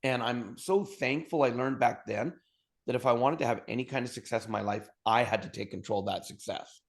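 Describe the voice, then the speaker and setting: A man from Alberta, a podcast guest telling his story with high energy and humor and acting out bits of dialogue. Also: fairly quick. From Alberta, Canada. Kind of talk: storytelling interview talk.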